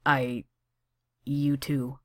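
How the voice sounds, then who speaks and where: A sarcastic young man answers in a dry, clipped, firm voice, done by a woman reading the story. He talks low and level, and his words stay short and certain. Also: flat delivery, extremely slow, fairly bright tone, no room sound, exaggerated voice. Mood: tender.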